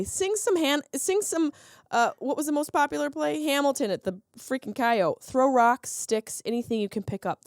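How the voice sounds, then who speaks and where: Comedy podcast lady riffing sarcastic, animated, dry close mic sound. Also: mid-range voice, no room sound. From Sicilian heritage, lives in Los Angeles. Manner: animated, sarcastic, jumps into silly voices.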